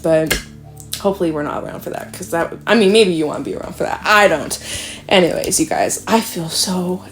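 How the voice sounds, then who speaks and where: A woman's voice: on the low side, fairly quick. A young woman talking through a tarot reading in a loose, rambling way, full of fillers and casual swearing. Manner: rambling, chatty, swears and laughs often. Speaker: tarot reader.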